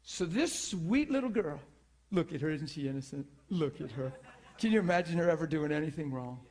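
High-voiced animated male preacher. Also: brisk. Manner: animated, repetitive, checks in with the audience. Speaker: preacher teaching a church school class. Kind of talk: sermon.

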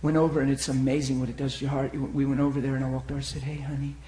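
A man preaching a sermon, telling stories and acting out the voices of the people in them, swinging from loud outbursts to hushed tones. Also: medium pitch, flat delivery, rapid-fire, a little hiss or hum. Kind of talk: sermon storytelling. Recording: echoey room.

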